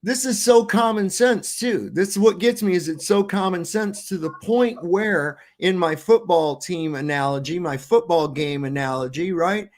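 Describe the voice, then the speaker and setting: Exasperated man, fairly high voice. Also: normal speed, hardly any pauses. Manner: exasperated, blunt. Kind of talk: casual chat.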